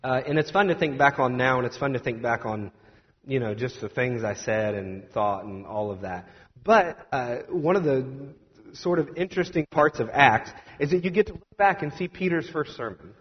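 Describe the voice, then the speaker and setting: A young adult man preaching a storytelling sermon as a pastor, conversational and animated, with plenty of fillers. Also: medium pitch, normal speed. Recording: dull sound with long hall reverb.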